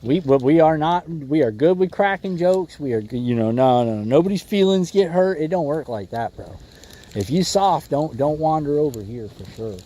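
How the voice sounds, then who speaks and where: A man hosts a fishing livestream from a small boat on a windy lake, chatting casually in a rambling, jokey way and calling his viewers "bro" and "boys." His voice is on the high side, animated, and warm, at a normal speed.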